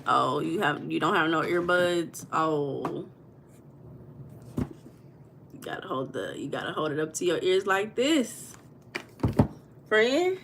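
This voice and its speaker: A woman's voice: lowish voice, lively intonation, measured pace, vocal fry. An American woman hosting a live tarot stream on her phone, talking easily to her viewers and answering their comments one by one. Her slang is loose and friendly. A faint hiss of background noise sits under her voice. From United States. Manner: chatty, reads viewer comments aloud, Southern-style slang. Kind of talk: casual livestream chat. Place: home room.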